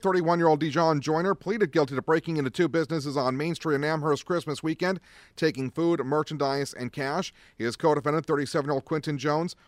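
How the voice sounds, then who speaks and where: Man reading radio news, dry and measured. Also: on the high side, dry recording. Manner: crisp, measured. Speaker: newsreader.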